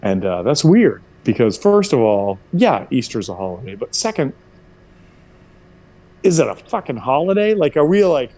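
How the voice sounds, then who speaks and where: A young man casually telling a profane, animated story to friends, jumping into high voices for quotes. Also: moderate pace. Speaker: player chatting before a tabletop game session.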